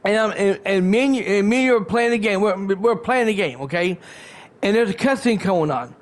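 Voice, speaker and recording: A man with a fairly high voice rants to his live-stream audience from his chair at home. He talks into a headset, circling back over the same points with restarts and plenty of profanity. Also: expressive, a little fast. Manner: rambling and repetitive, frequent restarts, profane. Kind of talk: casual live-stream rant.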